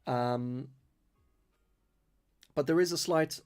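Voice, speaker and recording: A man's voice: mid-range voice, extremely slow, a little mellow, clear, resonant tone. A young man from London whose accent blends London speech with a slight Irish twang, chatting casually on a live-stream Q&A and rambling with many fillers. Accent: London mixed with slight Irish twang. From London, England. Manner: careful enunciation. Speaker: streamer answering viewer questions.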